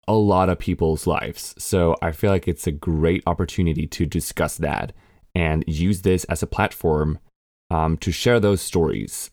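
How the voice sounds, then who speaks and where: Young Swedish podcast host with a learned American accent, low voice, candid and self-mocking, close dry mic. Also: male voice, a little mellow, no room sound. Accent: American English learned by a Swedish speaker. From Sweden. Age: 20s. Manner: chatty, candid, swears casually, laughs at himself. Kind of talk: casual solo podcast monologue.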